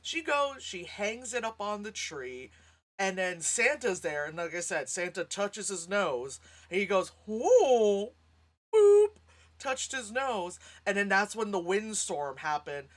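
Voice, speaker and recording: A woman's voice: medium pitch, unhurried. A woman giving a casual, frank movie reaction, laughing often and acting out sounds as she talks. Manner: animated, laughs often, acts out sounds and lines. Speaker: movie reviewer.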